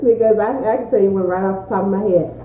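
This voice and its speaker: A mother chats casually through a mukbang Q&A, telling stories with energy and frequent laughter. Her voice sits at a middling pitch. The recording sounds thin and phone-like, and it echoes around the room. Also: fast talker, slight background noise. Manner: lively storyteller, laughs often. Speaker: mother answering Q&A.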